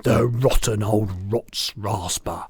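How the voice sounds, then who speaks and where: A man voicing a huge, kindly, soft-hearted old male giant in a storybook reading, speaking slowly and loudly in mangled grammar. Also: fairly low pitch, slightly rough, no room sound, full character voice. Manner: mangled grammar, slow and loud.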